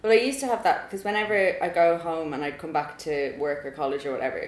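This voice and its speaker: A woman's voice: sits low, fast. A woman in her twenties with an Irish accent, chatting as an interview guest, laughing often and saying "like" a lot. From Ireland. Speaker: guest illustrator. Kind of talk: casual interview chat. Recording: roomy with faint noise.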